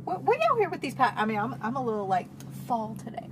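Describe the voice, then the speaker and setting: A woman's voice: fairly high pitch, very animated, fast. A young woman co-hosting a podcast, chatting in an easygoing way with dry asides. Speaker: podcast co-host. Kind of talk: casual chat. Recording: background noise.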